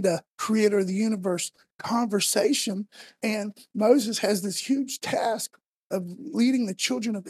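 A man delivers a laid-back sermon with a gravelly, slightly husky voice. He talks conversationally, then climbs into loud, emphatic bursts when retelling scripture. The sound is close and dry. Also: high voice, no room sound. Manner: conversational, emphatic, voice rising to shouts when quoting Moses. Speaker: preacher. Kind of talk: casual sermon.

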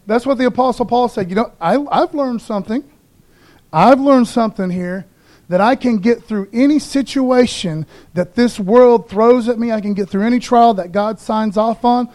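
A man's voice: high-pitched, moderate pace, a little mellow. A man preaching a casual, folksy sermon in a church, talking informally to the congregation with jokes and lots of "man" and "you know.". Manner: jokey asides to the congregation. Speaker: pastor. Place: church sanctuary.

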